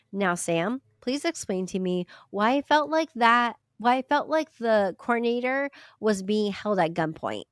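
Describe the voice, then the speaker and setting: A woman co-hosting a chatty book podcast, recorded close and dry with almost no room sound. She talks animatedly and hedges her claims, and her pitch leaps up when she mimics other people. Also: no room sound. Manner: animated, acts out quoted people with sudden high-pitched voices; hedges with repeated "allegedly". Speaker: podcast co-host. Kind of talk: casual chat.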